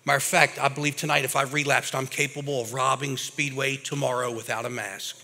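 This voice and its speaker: A man preaching a lively, casual sermon to a live audience, talking like a regular guy and calling people bro and man. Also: mid-range voice, a little fast. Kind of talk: energetic recovery-ministry sermon. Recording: reverberant hall.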